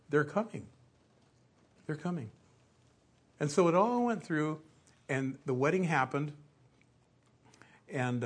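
A man's voice: mid-range voice, breathy edge. A middle-aged man preaching a sermon in a conversational, storytelling way, acting out little asides as he goes.

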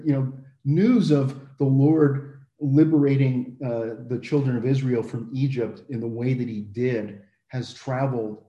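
A man teaching a Bible passage in a relaxed, conversational way, with many fillers and restarts. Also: mid-range voice, reverberant, highs cut off.

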